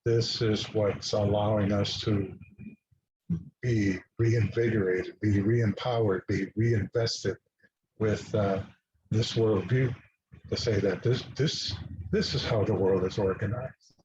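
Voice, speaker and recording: A man speaking as a guest, telling a personal story in a halting way with many restarts and fillers. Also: lowish voice, steady tone, a little mellow, a little hiss or hum. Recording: dull lo-fi recording.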